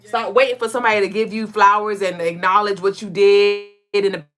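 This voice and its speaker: A woman co-hosting a podcast of casual spiritual talk. She speaks bluntly, swears freely and fires off rapid rhetorical questions. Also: mid-range voice, flat delivery, fairly bright tone, soft background music. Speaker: podcast co-host.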